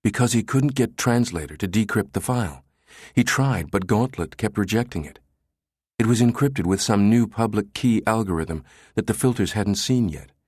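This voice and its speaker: A man's voice: fairly low pitch, animated, normal speed, husky, no echo, studio quality, pitched above the performer's own voice. A man doing Midge, a fierce pushy woman. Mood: insistent. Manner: insistent, sharp and clipped. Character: pushy, fierce middle-aged woman analyst.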